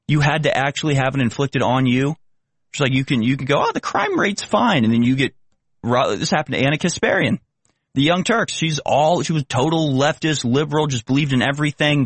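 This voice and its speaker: A man's voice: on the high side, slightly rough, no room sound. Sarcastic ranting male commentator. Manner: sarcastic, ranting, rhetorical questions. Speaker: commentary show host. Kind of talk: opinion commentary.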